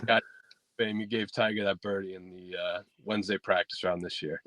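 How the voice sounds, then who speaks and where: A man's voice: deep voice, moderate pace, dry recording. Laid-back New man telling golf stories. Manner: relaxed storytelling with fillers and restarts. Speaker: podcast guest, golf instructor. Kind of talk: casual interview chat. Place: podcast studio.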